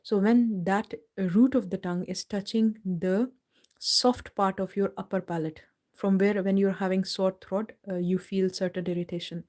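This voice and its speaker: A woman teaching Quran recitation in a live online lesson, explaining patiently step by step and slowly drawing out each example word. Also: mid-range voice, fairly even intonation, a little mellow.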